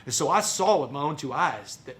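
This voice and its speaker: A man with a Texan accent giving a motivational storytelling speech. He is animated and folksy, and keeps calling the audience "y'all". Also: a little high, a little fast, a little hiss or hum. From Port Arthur, Texas. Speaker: motivational speaker.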